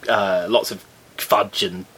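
A man's voice: fairly low pitch, fairly even intonation, takes it slowly, sharp tone, slightly rough. A man co-hosting a casual chat, speaking in a wry, arch, mock-haughty way. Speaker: podcast co-host.

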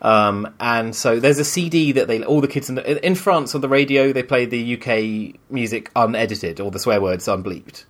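A man's voice: medium pitch, normal speed, hardly any pauses. Rambling storyteller, man. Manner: rambling storyteller, many restarts, acts out quoted voices. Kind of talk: casual chat, telling an anecdote.

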